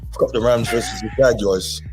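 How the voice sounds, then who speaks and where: A man's voice: on the low side, brisk, a little mellow, faint music behind, close to an everyday voice. A man putting on a playful British pundit voice while making a football pick. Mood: mock confident.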